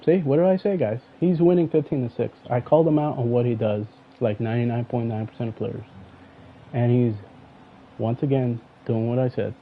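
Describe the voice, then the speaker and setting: A man's voice: mid-range voice, brisk, a little hiss or hum. A man streaming an online football game, commenting as he plays and arguing back at his opponent. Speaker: gaming streamer. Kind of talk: live gameplay commentary. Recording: tinny phone-like sound.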